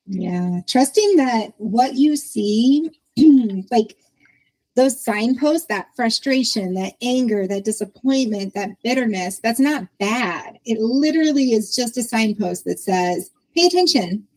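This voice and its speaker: A woman in her forties hosts a podcast in a casual conversational interview, thinking aloud reflectively and laughing often. Her voice is fairly high and slow, she quotes herself in lively voices, and the recording is rough.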